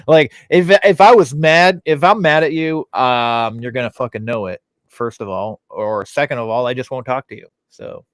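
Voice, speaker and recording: A man's voice: mid-range voice, normal speed, no echo. A man in his thirties hosting a podcast, telling loose stories full of swearing and fillers. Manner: loose storytelling, heavy swearing, frequent fillers. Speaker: podcast host. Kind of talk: casual chat.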